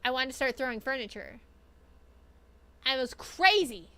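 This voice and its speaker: High, bright, excitable young woman streamer. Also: normal speed, clear, resonant tone. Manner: excitable, swings between loud bursts and mumbled asides, heavy use of "like". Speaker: streamer recapping an event. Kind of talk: casual storytelling chat.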